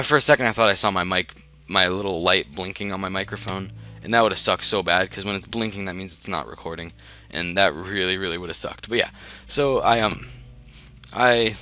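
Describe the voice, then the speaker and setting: A teenage boy tells stories while he plays a game, filling his talk with ums, restarts and laughter. His voice sits fairly low but sounds bright and forceful, with an easy, rambling flow. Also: normal speed, soft background music. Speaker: gaming video host. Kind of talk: casual storytelling while playing.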